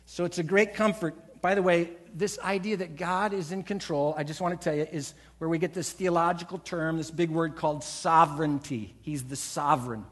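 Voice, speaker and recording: A pastor in a church, preaching with a fairly high, ringing man's voice. He drives his points home with emphasis and acts out the voices he quotes. He leads the congregation in call-and-response. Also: steady tone, moderate pace, hardly any pauses, fairly bright tone. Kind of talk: sermon. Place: church sanctuary.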